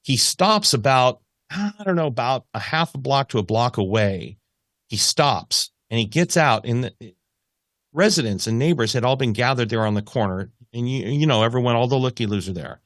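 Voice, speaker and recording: A man's voice: mid-range voice, moderate pace, dry recording, studio quality. A man, a radio news reporter, telling a long story as a podcast guest and acting out the voices in it. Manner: animated, acts out quoted voices. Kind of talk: conversational storytelling.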